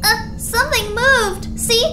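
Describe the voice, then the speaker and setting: A woman voicing a jumpy, easily frightened teenager in a high, shrill, excitable voice. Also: slow, echoey room, noisy background.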